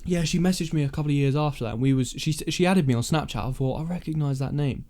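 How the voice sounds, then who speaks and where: A young man with a South English accent, talking casually on a podcast in a relaxed, slangy, storytelling way. His voice is dark and mellow. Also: fairly high pitch, fast. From South England. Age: young adult. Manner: laid-back slangy storytelling. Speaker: podcast co-host. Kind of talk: casual chat.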